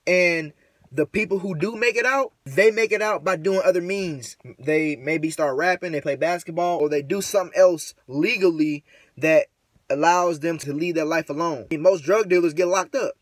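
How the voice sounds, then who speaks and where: Frustrated male vlogger, slightly high voice, dry room, rambling slangy delivery. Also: normal speed, no echo. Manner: rambling, slangy, many fillers; frustrated, preachy. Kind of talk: casual rant to camera.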